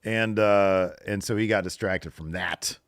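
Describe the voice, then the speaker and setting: A man's voice: sits low, fairly even intonation, measured pace, no room sound, studio quality. A man co-hosting a wrestling podcast, chatting loosely with plenty of fillers. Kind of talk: casual recap chat.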